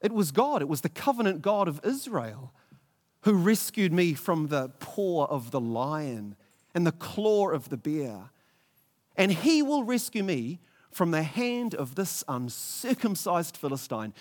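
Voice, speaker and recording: Expressive male storyteller in a reverberant hall. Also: sits high. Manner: vivid, halting, with stammered repeats. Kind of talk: first-person dramatic retelling. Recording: long echoey reverb.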